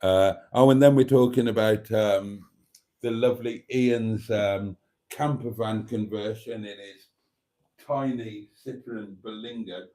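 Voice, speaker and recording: A man's voice: lowish voice, fairly even intonation, slow pace, dark tone. A man hosting a casual live stream, reading viewer comments aloud and chuckling often.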